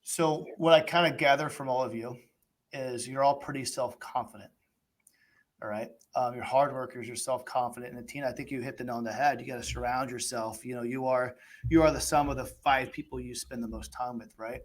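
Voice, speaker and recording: A man's voice: mid-range voice, steady tone, fairly quick. A man hosting a panel in an upbeat, encouraging way, quoting a mentor. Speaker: host. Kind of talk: moderating a panel.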